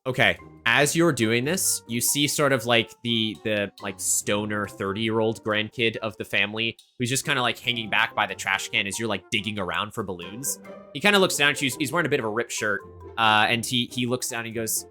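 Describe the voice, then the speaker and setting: A woman running a tabletop game on a live stream, narrating in a chatty, animated way. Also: very deep voice, fairly quick, soft background music. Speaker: game master.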